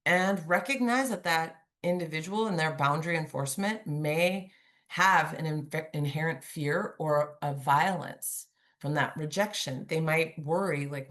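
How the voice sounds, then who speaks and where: A woman's voice: low-pitched, a little slow, fairly bright tone. A woman giving a conversational webinar presentation over a video call, chatty and humorous, acting out examples as she goes. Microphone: remote video call.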